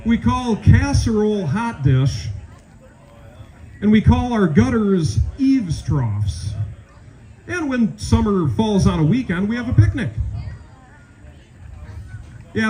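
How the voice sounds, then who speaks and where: A man's voice: high-pitched, dark tone, poor audio. A man in his forties with a Minnesotan accent doing a rambling, self-deprecating stand-up set into a close stage mic at a small-town event. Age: 40s. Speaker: stand-up comedian. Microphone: handheld stage mic, held close.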